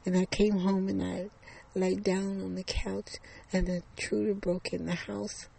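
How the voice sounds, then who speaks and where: A storyteller voicing a frightened mother with grown daughters, talking with a gravelly edge. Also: mid-range voice, level tone, measured pace, warm tone, exaggerated voice, low-quality recording. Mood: shaken. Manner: shaky then earnest and pleading.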